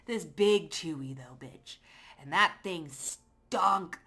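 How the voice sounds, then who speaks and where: Woman, tarot reader, casual and slangy, cursing, clear bright tone. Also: on the low side, slow pace. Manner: chatty, slangy, swears freely, talks straight to the viewer; lively storytelling with frequent laughs. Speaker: psychic tarot card reader. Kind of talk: casual pick-a-card tarot reading.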